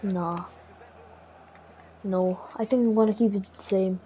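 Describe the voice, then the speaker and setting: A woman's voice: mid-range voice, fairly even intonation, a little slow, pauses often. A woman giving play-by-play commentary on her own football video game match, critical of herself and muttering between the calls. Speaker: gaming channel host. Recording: dull lo-fi recording, faint hiss.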